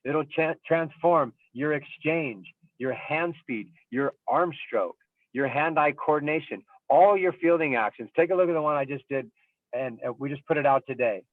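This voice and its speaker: A man's voice: a little high, moderate pace, no echo. Man on a tinny, dry call line. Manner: thoughtful, explains with everyday examples and frequent ums. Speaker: baseball coach and scout. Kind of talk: casual panel discussion.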